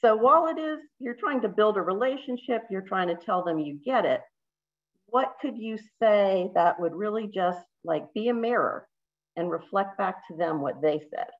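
A woman's voice: mid-range voice, lively intonation, normal speed, dull audio. A woman facilitating an online workshop, upbeat and chatty, asking the group questions. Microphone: video call.

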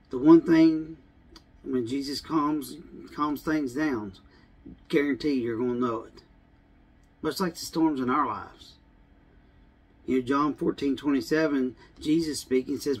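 A man's voice: mid-range voice, measured pace, pauses often, slightly rough. A male pastor preaching a casual, conversational sermon, full of "I mean" and "you know.".

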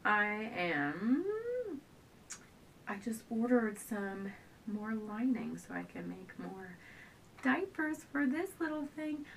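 A young pregnant woman talks casually to her camera at home, drifting from thought to thought and often short of breath. She sits a little back from the mic, with a faint low rumble behind her voice. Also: lively intonation, slow, long pauses, a bit bright, recorded from a distance, rough recording. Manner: rambling, chatty, trails off and restarts often. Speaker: stay-at-home mom vlogger. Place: at home indoors.

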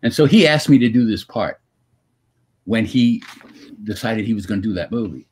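An older man telling stories from his acting career as a guest in a video-call Q&A, in an animated, anecdotal way. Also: lowish voice, normal speed, slightly rough. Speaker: guest actor.

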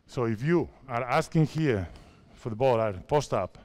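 A man in his fifties from Spain, a basketball coach speaking halting English with a Spanish accent as he directs players through drills at a clinic. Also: mid-range voice, expressive, darkish tone. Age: 50s. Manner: halting non-native English, repeats phrases, directs players.

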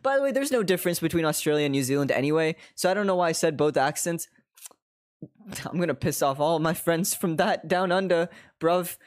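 A man's voice: a little high, lively intonation, fairly quick. A young man live streaming from his desk at home, chatting casually, swearing constantly, laughing often and slipping into other accents.

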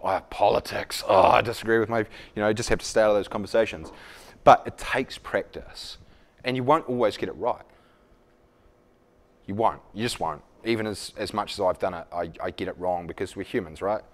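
A man leading a live leadership workshop, talking conversationally to the room and acting out example dialogues. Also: fairly low pitch. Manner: conversational, self-deprecating, acts out dialogues. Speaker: leadership speaker.

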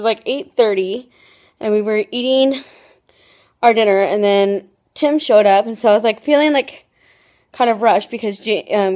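A woman's voice: fairly high pitch, darkish tone. A young woman vlogging casually into her phone camera, telling a rambling story full of "like" and restarts. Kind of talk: casual chatty vlog.

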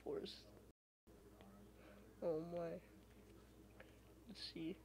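A woman giving casual gameplay commentary, often frustrated, exclaiming loudly and muttering under her breath. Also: medium pitch, slow, pauses often, a little hiss or hum. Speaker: gamer.

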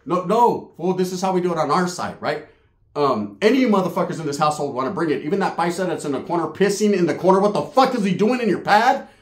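This man speaks quickly in a high-pitched, animated voice as he spins a profane, comic tale. Streetwise in manner, he acts out the voices along the way, and the recording has a noticeable echo.

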